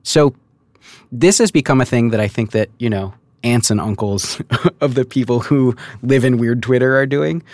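Male podcast co-host, mid-pitched, dry studio sound, loose rambling delivery. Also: normal speed, a little mellow, no echo. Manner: rambling, many filler likes. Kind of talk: casual chat.

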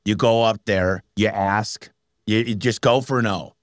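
A man, a business owner, telling stories in a casual interview, energetic and acting out the people he quotes. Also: on the low side, unhurried, no room sound, clean studio sound. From Michigan. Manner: energetic, animated storyteller who acts out quotes.

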